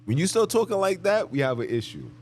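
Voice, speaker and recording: A man's voice: sits high, very animated, fast talker, darkish tone. A man hosting a live podcast monologue, talking emphatically and preachily and repeating his phrases. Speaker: podcast host.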